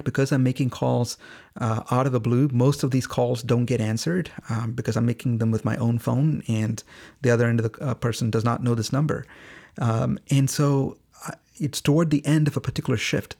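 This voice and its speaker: Gravelly man telling a story. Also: mid-range voice, dark tone. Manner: earnest, halting storyteller. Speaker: podcast host and phone bank organizer. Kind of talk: storytelling podcast narration.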